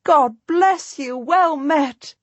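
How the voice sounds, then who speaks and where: A woman's voice: high-pitched, very slow, no room sound, dull audio, voice pushed up. A woman voicing an eager warrior queen. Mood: joyful. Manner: eager, urging. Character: jubilant warrior queen, middle-aged woman.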